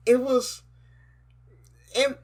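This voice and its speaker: A man's voice: very high-pitched, drawn-out words. A man co-hosting a podcast, chatting casually in a loose, rambling way with lots of fillers. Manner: animated, rambling, many fillers. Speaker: podcast co-host.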